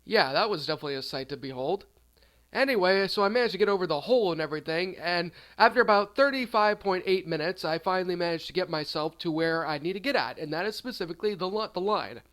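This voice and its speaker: Brief: male storyteller, high-pitched, rambling and deadpan through a silly tale. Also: fast. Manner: rambling, deadpan absurd, trailing off. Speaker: storyteller, channel host. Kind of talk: absurd comedic storytime.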